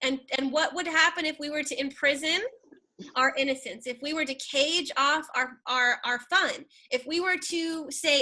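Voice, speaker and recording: A woman with a high, bright voice talking on a video call. She speaks in an animated, earnest way, often circling back and repeating words. The talk is casual and spiritual in tone. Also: moderate pace.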